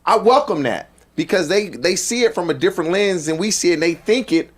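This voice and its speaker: A man who played pro sports, speaking in a measured, thoughtful way on a talk panel. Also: sits high, animated.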